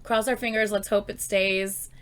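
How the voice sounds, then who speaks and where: A woman reacting to an album in casual commentary, gushing and excitable, heavy on fillers and the odd swear. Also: mid-range voice, moderate pace. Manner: chatty filler-heavy talk with many "like"s. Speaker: music reaction YouTuber.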